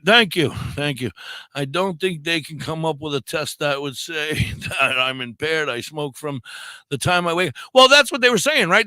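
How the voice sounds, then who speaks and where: A man's voice: medium pitch, pushed and bright, dry recording. A man co-hosting a casual radio chat show, blunt and rambling, with frequent swearing.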